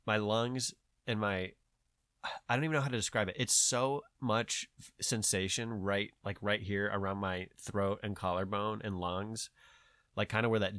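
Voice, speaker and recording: A man's voice: lowish voice, moderate pace, no echo, studio quality. A man with a nasal voice, talking in casual podcast chat, rambling and swearing as he tells a story. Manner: rambling, profane, animated storytelling. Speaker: podcast host.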